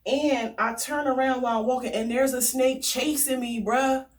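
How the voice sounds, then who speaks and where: Give me an animated woman vlogger, ranting casually, her voice fairly high. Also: moderate pace, far from the mic. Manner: animated, swearing, slangy. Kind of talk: casual storytelling rant.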